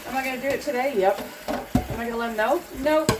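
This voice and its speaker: A woman's voice: high voice, fast talker, heavy background noise. A middle-aged woman chatting casually and encouragingly while she cleans at home, laughing often. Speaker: cleaning vlogger. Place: home kitchen at the sink. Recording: loud dishes and running water. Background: clattering dishes, pots and running water.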